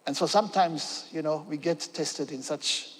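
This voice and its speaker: A man preaching a sermon with emphasis, often pausing to check in with "okay?". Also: on the high side, husky. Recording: long hall reverb.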